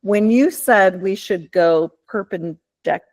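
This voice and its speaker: A woman attending a webinar asks questions about her own dogs in a chatty, self-deprecating way. She talks slowly and unhurriedly, with a mid-range voice. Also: mid-range voice, a little mellow. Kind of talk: casual question and chat.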